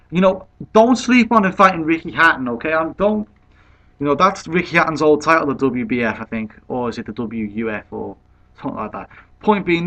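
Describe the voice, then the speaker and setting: A man's voice: mid-range voice, a bit bright. Man giving a casual boxing prediction. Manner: conversational, leans on "you know" fillers. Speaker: boxing pundit. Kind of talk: casual fight prediction monologue. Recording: dull lo-fi recording.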